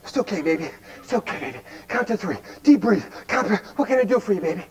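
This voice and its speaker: A man voicing a calm husband softly soothing and reassuring his wife, lower and quieter than his own talk. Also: quick pace, far from the mic.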